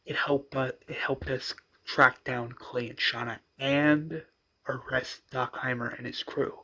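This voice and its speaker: A man voicing a gruff male police detective who shouts commands during a raid. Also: mid-range voice, fairly even intonation, a little slow. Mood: explaining.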